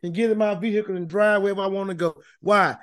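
High-voiced man teaching scripture folksily. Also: fairly even intonation, fast, fairly bright tone, dry recording. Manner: folksy, emphatic preaching with many repeated words. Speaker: Bible teacher. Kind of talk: informal Bible study teaching.

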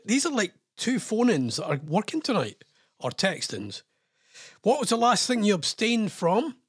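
Chatty radio host, slightly husky, dry close mic. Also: male voice, high-pitched, dry recording. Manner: rambling, self-deprecating asides. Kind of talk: casual radio chat.

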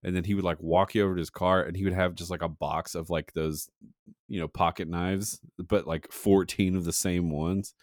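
A man's voice: low-pitched, steady tone, moderate pace, no echo, clean studio sound. A young man co-hosting a podcast, telling rambling funny stories and laughing often. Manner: rambling storyteller, mocks ad voices, laughs often. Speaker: podcast co-host. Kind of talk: casual comedic chat.

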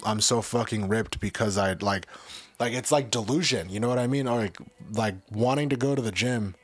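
Host type, young man, lowish voice, dry close sound, cussing freely while he rambles through advice. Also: no room sound. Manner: profane, rambling, with many restarts. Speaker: podcast host. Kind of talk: casual motivational monologue.

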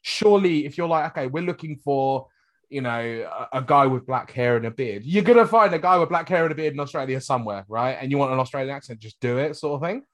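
A man's voice: mid-range voice, lively intonation, fast talker. A British man hosting a podcast, chatting casually and animatedly, laughing often. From Britain. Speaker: podcast host. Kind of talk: casual chat.

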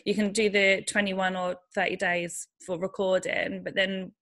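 A woman's voice: medium pitch, level tone, a bit bright. Enthusiastic woman podcast host. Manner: enthusiastic, quick agreeing interjections. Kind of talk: casual interview talk.

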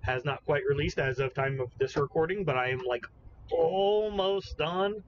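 A man co-hosting a casual podcast, excitable and prone to swearing and exclaiming in disbelief, on a slightly muffled recording with faint noise. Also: fairly high pitch, normal speed. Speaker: podcast co-host. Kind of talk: casual chat.

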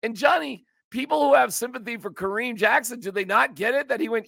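A man hosts a sports podcast in a casual, emphatic rant. His voice sits high and sounds bright and forceful, animated and joking. The sound is dry and close-miked. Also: a little fast, creaky, no echo.

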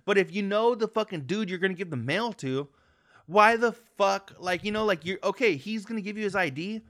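A man chatting on a podcast in an easygoing, profane storytelling flow. His voice sits a little high, recorded dry and close. He jumps into different voices when quoting people. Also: no room sound. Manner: profane, animated storyteller acting out quotes. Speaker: podcast co-host. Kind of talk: casual storytelling chat.

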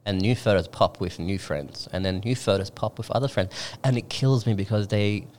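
A young man co-hosting a podcast in casual chat, animated and quick to laugh. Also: fairly low pitch, a little hiss or hum. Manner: animated, laughs often, mimics voices. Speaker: podcast co-host.

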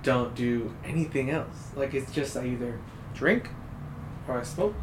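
A man's voice: medium pitch, measured pace. A young man in casual chat, talking in a laid-back, reflective way with some swearing. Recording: roomy sound, faint hum.

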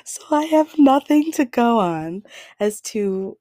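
Slow-talking chatty young woman host. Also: fairly high pitch, animated, dark tone, no echo, clean studio sound. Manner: chatty, laughs often, lots of fillers. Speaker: podcast host. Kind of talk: casual storytelling chat.

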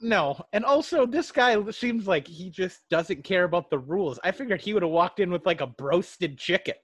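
A man's voice: sits high, lively intonation, moderate pace, a bit bright, no room sound, dull audio. A man co-hosting a casual movie chat, making wry, teasing remarks. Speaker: podcast co-host.

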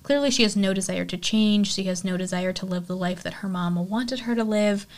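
A woman hosting her own horror podcast walks through a film's story in an easygoing, conversational way. Her voice sits at an ordinary middle pitch, and she leans on "like" and "you know" as she talks. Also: a little fast. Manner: chatty, lots of "like" and "you know". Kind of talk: casual film recap and review.

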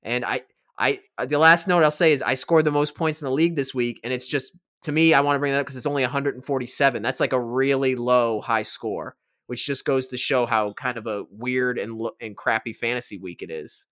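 A man's voice: medium pitch, steady tone, fairly quick, fairly bright tone. A man hosting a casual podcast, telling stories in a playful, hyped way. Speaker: podcast host.

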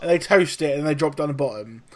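A podcast host tells a story in casual conversation, swearing heavily as he goes. His voice is fairly high and fast, and his storytelling is animated.

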